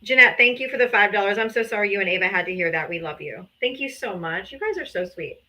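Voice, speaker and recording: A woman talks quickly with lively intonation and a pushed, bright, medium-pitched voice. During a casual livestream she reads donations out and thanks her supporters gratefully and emotionally through her streaming setup, sometimes with a laugh or a sigh.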